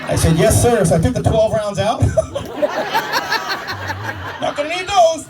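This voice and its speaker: A man on a comedy club stage with a fairly high voice tells brash, profane stories at a quick clip. He is picked up from a distance, and loud crowd laughter rolls in around his lines. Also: wildly swooping pitch, over loud music. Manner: brash, profane, fast storytelling punctuated by laughs. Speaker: stand-up comedian, police officer. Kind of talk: stand-up comedy. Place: comedy club stage before a live audience.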